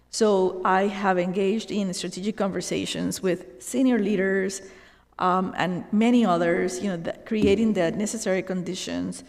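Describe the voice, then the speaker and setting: A woman giving a formal presentation to a university board, earnest and halting, with many ums and you knows. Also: lowish voice, creaky. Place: meeting room at a board session. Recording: long hall reverb.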